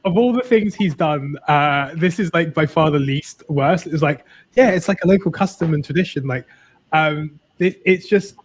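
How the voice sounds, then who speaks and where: A man's voice: fairly high pitch, normal speed, slightly rough. A man co-hosting a podcast, talking in a wry, rambling way and often breaking into laughter. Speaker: podcast co-host. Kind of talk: casual comedic chat.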